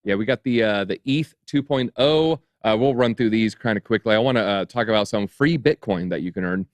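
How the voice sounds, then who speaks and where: A man's voice: fairly low pitch, fairly quick. A man reads news stories aloud on a casual talk show, breaking in often with sarcastic side remarks. His voice is recorded close up in a dry, dead room with no reverb. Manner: reads headlines, then adds dry sarcastic asides. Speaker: crypto show co-host. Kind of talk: news commentary, reading articles aloud.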